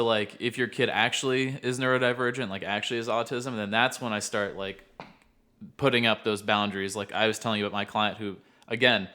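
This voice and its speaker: A man co-hosts a casual podcast chat, rambling loosely about his work with autistic clients, with plenty of filler words and laughs. His voice is lowish, pushed and bright.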